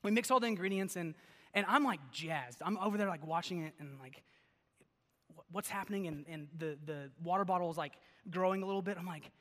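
High-voiced young man preaching in a hall. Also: fairly quick. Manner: chatty and animated, lots of "like" and "okay?". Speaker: pastor. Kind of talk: casual sermon with personal stories. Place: church sanctuary. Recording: long reverb of a large hall.

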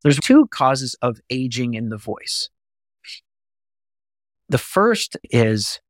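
A man's voice: mid-range voice, very animated, slow, long pauses, dry recording, clean studio sound. A man teaching as a voice coach, explaining things earnestly and step by step. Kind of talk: instructional talk to camera.

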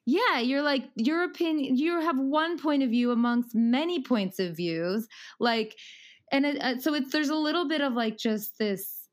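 A woman's voice: high-pitched, measured pace. A woman in her thirties talking casually as a podcast guest, rambling with many fillers and frequent laughs.

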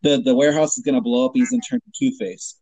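A man's voice: fairly high pitch, very fast, vocal fry, dry recording, rough recording. A man co-hosting a podcast, retelling a film twist in casual chat and acting out the quotes. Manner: animated storytelling, acts out quotes. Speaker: podcast co-host.

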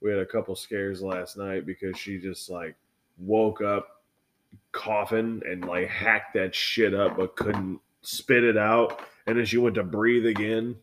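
A young man co-hosting a casual podcast chat, telling stories in a profane, animated way. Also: fairly low pitch, a little slow, slight background noise. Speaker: podcast co-host.

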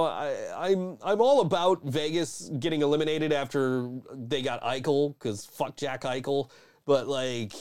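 A man hosting a podcast talks in loose, casual chat at a middle pitch. He swears freely and rambles, restarting his sentences often. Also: darkish tone. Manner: profane, rambling, frequent restarts and laughs. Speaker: podcast host.

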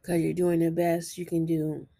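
A woman talking to camera in an earnest, self-encouraging and sometimes halting way in a personal confessional vlog. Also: low voice, little pitch movement, creaky, background noise. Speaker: vlogger.

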